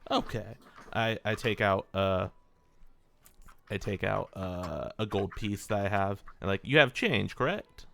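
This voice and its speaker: A man's voice: lowish voice, fairly even intonation, unhurried, creaky, a bit bright, a little hiss or hum. A man playing a tabletop role-playing game, talking in a polite, folksy way in character. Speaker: player.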